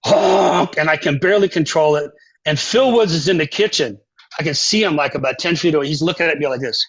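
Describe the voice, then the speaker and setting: A man's voice: a little high, quick pace. An older man, a composer and saxophonist guest, telling stories in an interview and acting out the people in them. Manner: animated storyteller, acts out quotes and sings phrases. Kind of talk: conversational interview storytelling. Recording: dull lo-fi podcast audio.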